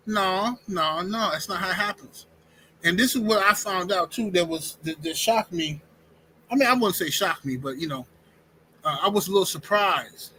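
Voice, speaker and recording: A man hosting a live-streamed talk show, speaking in an animated, emphatic way, often restarting sentences. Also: high voice, moderate pace, a little hiss or hum, rough recording. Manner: animated, emphatic, repeats words and restarts, says "bro" and "fam". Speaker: podcast host. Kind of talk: casual opinionated live-stream chat.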